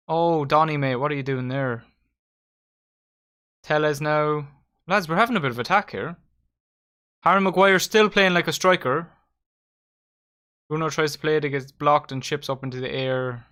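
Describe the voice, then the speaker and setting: A young man giving excitable, sweary live commentary while hosting a football watchalong. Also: a little high, moderate pace, pauses often, smooth. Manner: excitable, swearing, addresses viewers as lads. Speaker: watchalong host.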